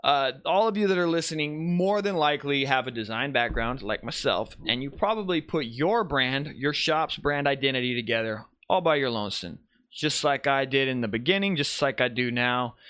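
A man's voice: medium pitch, expressive, moderate pace, a bit bright, clean tone, no echo, clean studio sound. A man hosting a live podcast, talking casually and rambling, correcting himself and greeting chat viewers as he goes. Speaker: podcast host.

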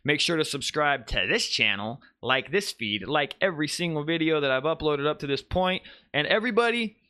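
A man's voice: fairly high pitch, bright, forceful tone, clean tone, dry recording, studio quality. A man hosting a live podcast, talking casually and rambling, correcting himself and greeting chat viewers as he goes. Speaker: podcast host.

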